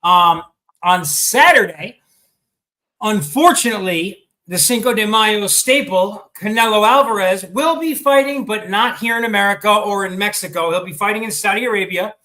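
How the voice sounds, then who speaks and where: Sports show host, male, high pitched, bright tone, rambling casual delivery, fighting off hiccups. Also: moderate pace, poor audio. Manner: chatty, hesitant with many ums and restarts. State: has the hiccups.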